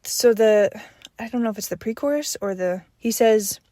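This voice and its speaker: A woman's voice: on the high side, moderate pace, dark tone, no room sound, studio quality. A young woman hosting a podcast, casually reviewing an album track by track in a rambling, enthusiastic way with many fillers and restarts.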